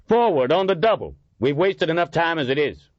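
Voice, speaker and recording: A man voicing a gruff male police lieutenant who barks orders at his squad in a raised, strained voice. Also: fairly high pitch, big pitch swings, fairly quick, dry recording, dull audio, pitched above the performer's own voice. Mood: barking orders. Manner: shouting commands.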